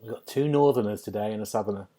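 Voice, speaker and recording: A man's voice: lowish voice, racing, mellow. A man hosting a podcast over a remote call, laughing often and asking a guest questions with many "um"s. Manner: friendly interviewer, laughs often, asks questions with fillers. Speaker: podcast host. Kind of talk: casual podcast chat.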